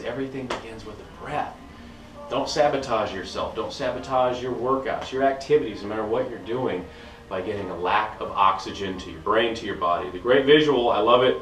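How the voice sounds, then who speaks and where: A middle-aged man, a fitness instructor, coaching viewers in an energetic, enthusiastic casual vlog at home, recorded on a camera mic. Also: medium pitch, a little hiss or hum. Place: indoor room at home. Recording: echoey room, voice from a distance.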